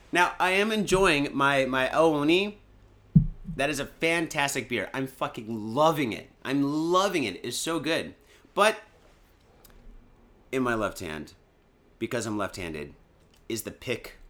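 In this casual, rambling podcast chat, a male host from Michigan is day drinking, cursing constantly, and joking loosely with plenty of filler words. He speaks in a mid-range voice that sounds pushed and bright.

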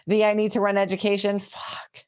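A woman's voice: low voice, sing-song, normal speed. A woman co-hosting a podcast in casual chat, joking, swearing freely and laughing often. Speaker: podcast co-host.

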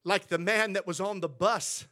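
A man's voice: sits high, fairly even intonation, moderate pace, bright, forceful tone. A male pastor preaching a sermon in church, telling stories in an earnest way.

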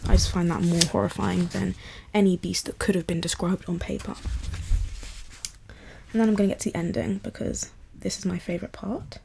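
A woman's voice: fairly low pitch, fairly even intonation, a little fast, creaky, long pauses, noisy background. Chatty woman gushing about poems. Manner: enthusiastic and rambling. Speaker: vlogger. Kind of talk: casual chat about poetry.

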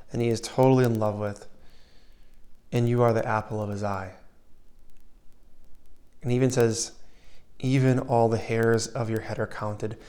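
A man preaching a sermon in an earnest way, dropping to a soft hush when he voices comforting words and rising again for emphasis. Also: medium pitch. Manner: earnest, shifts between loud emphasis and soft hushed asides.

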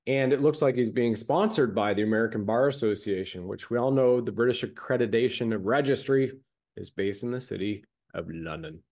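A man's voice: mid-range voice, fairly quick, a little mellow. A man hosting a casual chat, rambling with many fillers and handing topics to his guests. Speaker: host.

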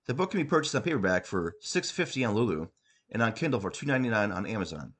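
A man hosting a podcast, reading his own comic story aloud with wry, deadpan narration. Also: lowish voice, fast talker, breathy edge. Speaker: podcast host and author.

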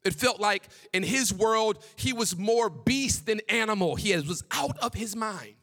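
High, bright-voiced young male preacher. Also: a little slow. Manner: animated preaching, drops to hushed tones for God's words. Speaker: pastor. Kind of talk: sermon.

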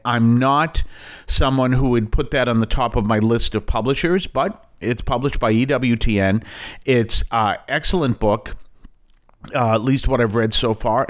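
Boston guy, catholic priest doing his radio show, chatty and rambling, jokes at his own expense. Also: mid-range voice. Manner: chatty, digressive, light self-deprecating asides.

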